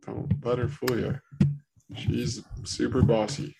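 A man's voice: medium pitch, monotone, slow pace, gravelly, warm tone, faint music behind, poor audio. A man chatting casually as co-host, giving blunt joking advice. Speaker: uncle and co-host. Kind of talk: casual chat.

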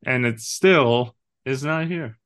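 A man's voice: mid-range voice, takes it slowly, a bit bright. A man co-hosting a casual film discussion, earnest and emotional, swearing casually now and then. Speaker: podcast co-host.

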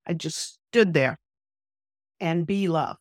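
Speaking slowly in a fairly low voice, an earnest woman minister recounts a personal story as a podcast guest. She tells it vividly and with animation, voicing each line of dialogue herself. The recording is dry and close, with no room sound.

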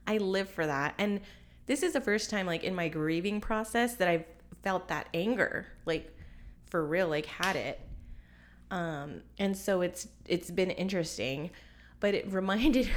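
A woman in her forties hosting a podcast, telling a story to friends in a casual chat. She is animated, laughs often and fills her talk with "like". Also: lowish voice. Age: 40s. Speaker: podcast host.

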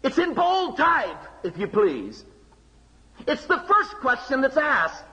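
A man preaching a sermon, emphatic, with rhetorical questions and dramatic pauses. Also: very high-pitched, huge pitch swings, bright, forceful tone, slightly rough, dull audio. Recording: long hall reverb.

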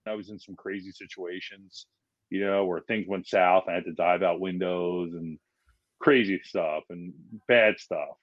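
A firefighter from Philadelphia, a man telling stories as a podcast guest, acting out the people he quotes in lively voices. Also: sits low, a little slow, no room sound, dull audio. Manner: animated, acts out quotes in changing voices. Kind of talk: casual storytelling in a podcast interview.

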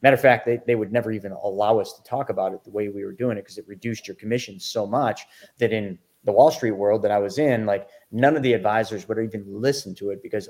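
A middle-aged financial educator appears as a podcast guest, telling his story energetically and leaping in pitch as he reenacts how he used to react. His casual, animated storytelling swings quickly from hushed asides to bursts of excitement.

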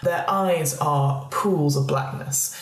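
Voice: mid-range voice, takes it slowly. A game master narrating a tabletop horror game, rambling with many fillers. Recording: echoey room.

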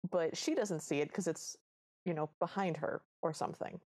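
A woman co-hosting a podcast, recapping a film in animated casual chat. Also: low-pitched, moderate pace, slightly rough. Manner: animated storytelling. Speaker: podcast co-host.

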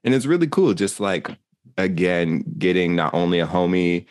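A man's voice: low-pitched, animated, normal speed, dry recording, clean studio sound. A young man co-hosting a casual chat, talking in a loose, rambling way. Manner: rambling, many fillers and restarts. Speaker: podcast co-host.

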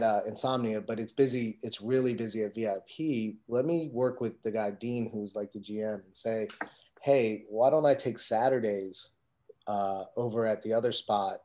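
A man's voice: medium pitch, mellow. A man telling a story in casual conversation, acting out quoted dialogue with lots of fillers. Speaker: guest telling his career story.

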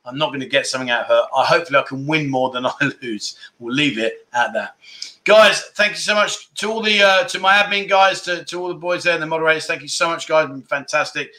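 Guy hosting a livestream, chatty and effusive, thanking everyone, really bright tense tone. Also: fairly high pitch, fast. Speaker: livestream host. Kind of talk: casual livestream chat.

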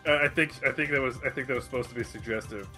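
A man's voice: medium pitch, very fast, bright, forceful tone, soft background music. A man playing a tabletop game, thinking aloud and hesitant. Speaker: player.

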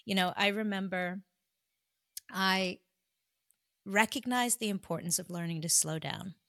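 A woman guest, a doctor, telling a personal story in an earnest, confessional way, slowing down for emphasis. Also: mid-range voice, fairly even intonation, pushed and bright, dry recording, clean studio sound.

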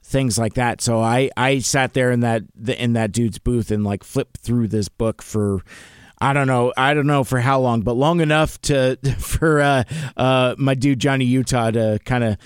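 A man's voice: mid-range voice, measured pace, clean tone, dry recording, clean studio sound. A middle-aged man hosting a podcast, chatting casually and rambling with lots of fillers and restarts. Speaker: podcast host. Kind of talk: casual chat.

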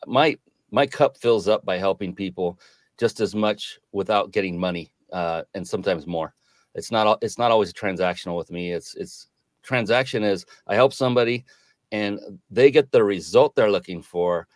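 A man's voice: fairly low pitch, moderate pace, no echo. A middle-aged man answering as a podcast guest, reflective and earnest with some hesitations. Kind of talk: casual interview conversation.

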